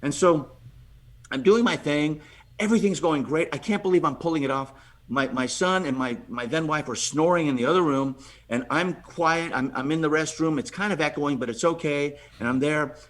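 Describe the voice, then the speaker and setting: A man, a podcast guest, telling a lively story and acting out the voices of the people in it, often restarting and repeating words. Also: fairly high pitch, normal speed. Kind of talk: animated storytelling.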